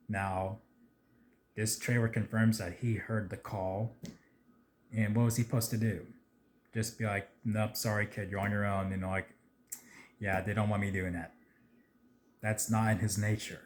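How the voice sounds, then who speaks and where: A man chatting casually about a movie trailer, rambling with lots of fillers and getting excitable at times. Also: lowish voice. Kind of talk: casual video commentary.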